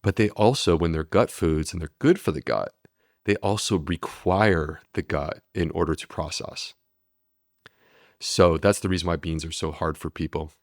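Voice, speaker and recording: A man's voice: low-pitched, moderate pace, dry recording, clean studio sound. A man, a medical doctor, explaining steadily and earnestly in a podcast interview. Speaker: gastroenterologist guest.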